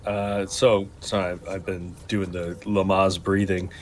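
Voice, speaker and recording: A man's voice: low voice, little pitch movement, takes it slowly, slight background noise. A man playing in a tabletop game, talking in character in a flustered, stammering way. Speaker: player.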